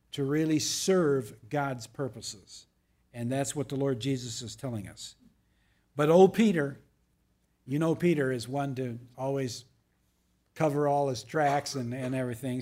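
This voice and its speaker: A man's voice: mid-range voice, darkish tone. A man preaching a verse-by-verse sermon as pastor, reading verses with emphasis and adding casual asides to the congregation.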